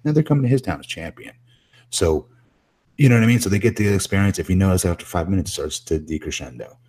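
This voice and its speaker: Husky, very low-voiced man, emphatic wrestling panelist in casual chat. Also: fast. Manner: emphatic, animated, repeats words.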